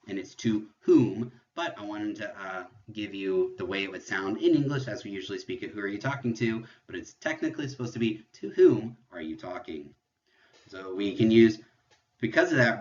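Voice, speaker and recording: A man teaching a French lesson in a recorded lecture, patiently explaining and repeating examples slowly. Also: mid-range voice, highs cut off.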